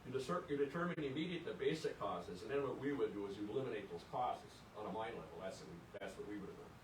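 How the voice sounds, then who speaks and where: A man's voice: animated, fast talker. Older man lecturing in an echoey room. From Upper Peninsula of Michigan. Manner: earnest, indignant, reads quotes aloud, repeats words as he restarts. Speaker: presenter at an archives lecture. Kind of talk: public history lecture. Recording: echoey room, distant mic, faint rumble.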